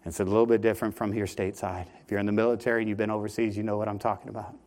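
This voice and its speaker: A man preaching a sermon from a church pulpit. He tells a story with lively energy and often repeats words as he starts a phrase. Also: on the low side, rapid-fire. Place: church sanctuary.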